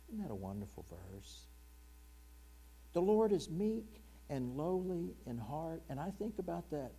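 An earnest male pastor delivers a sermon with a mellow, warm tone, questioning his congregation directly. When he quotes verses he slows and sinks into a hushed near-whisper. A low mains hum runs under the recording. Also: lively intonation.

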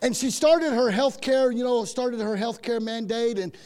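A man's voice: very high-pitched, normal speed, a little mellow. A man preaching a sermon, folksy and emphatic, repeating himself and often saying "man". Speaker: pastor.

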